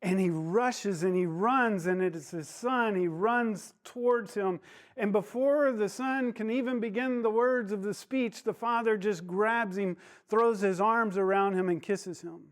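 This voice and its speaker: A man's voice: high voice, unhurried. A man teaching a Bible study lesson, retelling a parable in storytelling fashion with side digressions.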